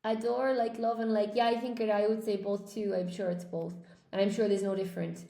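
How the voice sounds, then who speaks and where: A woman's voice: mid-range voice, steady tone, fairly quick, mellow, echoey room. An Irish woman and English teacher running a live-stream lesson, chatting with viewers, thinking aloud and reading out their comments. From Ireland.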